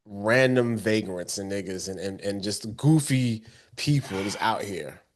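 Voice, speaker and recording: A man in casual chat, halting and excitable, with slangy interjections. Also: lowish voice. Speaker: podcast co-host.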